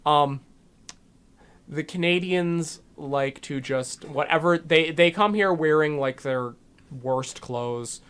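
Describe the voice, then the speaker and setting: A man's voice: a little high, slow, fairly bright tone, clear, resonant tone. A man, co-hosting a casual chat and rambling with many ums and restarts. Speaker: podcast co-host.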